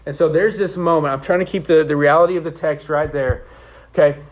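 A man's voice: a little high, steady tone, a little fast, lo-fi sound. A man preaching an earnest, conversational sermon, often checking in with the congregation. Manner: earnest, conversational preaching with frequent "okay?" and "right?". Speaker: pastor.

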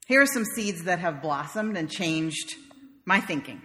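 Bright-voiced woman preaching. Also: lowish voice, expressive, unhurried, in a large hall. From American South. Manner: conversational, wry storytelling with light laughter. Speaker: minister. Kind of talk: sermon.

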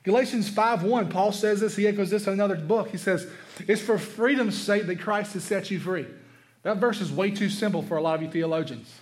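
A man's voice: high voice, brisk. A man preaching a sermon as pastor, emphatic and conversational, asking the congregation rhetorical questions. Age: adult, father of a young son.

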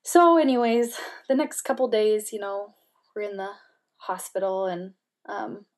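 A woman speaking as an interview guest, telling a personal story candidly with many "like" fillers and softening at times to a near-whisper. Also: mid-range voice, expressive, unhurried. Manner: candid, heavy use of "like" fillers; emotional, drops to soft near-whispers.

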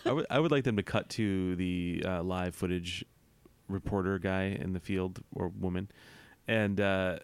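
A man co-hosting a podcast in casual chat, jokey and quick to laugh. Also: sits low, clean tone, dry recording. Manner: laughs often, jokey and playful. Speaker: podcast co-host.

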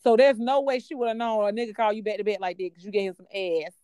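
A woman co-hosting a podcast, telling a personal story in a candid, profane and animated way. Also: mid-range voice, quick pace, clean tone, no echo, studio quality. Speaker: podcast co-host. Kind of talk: casual storytelling chat.

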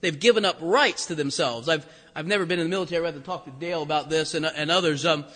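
A man preaching a sermon, telling animated stories and acting out quotes. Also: a little high, fast talker. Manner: animated storytelling with laughs and acted-out quotes. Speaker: pastor. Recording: long hall reverb.

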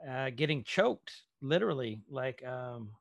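A man's voice: mid-range voice, lively intonation, a little slow, vocal fry, dry recording, lo-fi sound. A man co-hosting a podcast, casually recapping a TV episode with lots of ums and trailing asides. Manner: rambling with many fillers. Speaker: podcast co-host.

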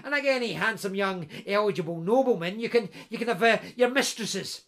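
A man puts on a boisterous young pal, chatty and nudging. The voice sits high and gravelly and pushes on in loud, teasing bursts. He jokes along like a friend in a tavern tale. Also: lively intonation, a little fast. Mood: jovial teasing.

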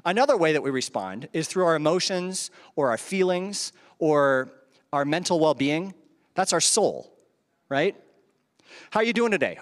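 A man's voice: high voice, big pitch swings, measured pace, pauses often, a bit bright. A man preaching a sermon into a handheld microphone, conversational, with rhetorical questions and chuckles at his own asides. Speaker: pastor. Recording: reverberant hall.

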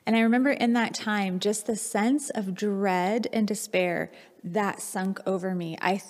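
A woman pastor in her thirties delivers a sermon at an ordinary middle pitch. She tells stories in a candid, reflective way. Her voice rings out with a long hall reverb around it. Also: steady tone, unhurried. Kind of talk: sermon with personal storytelling.

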